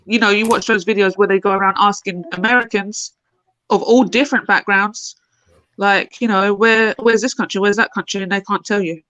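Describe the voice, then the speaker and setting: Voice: mid-range voice, steady tone, moderate pace, bright, forceful tone, no room sound, lo-fi sound. A panel guest on a live online discussion who speaks bluntly and mockingly.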